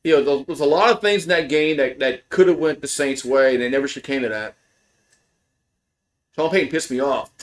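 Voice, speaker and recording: A man calling a football game play-by-play on a livestream as a frustrated fan, rambling with restarts and now and then swearing, his voice jumping up on big plays. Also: fairly quick. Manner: voice jumps high and loud on big plays. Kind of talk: casual play-by-play commentary.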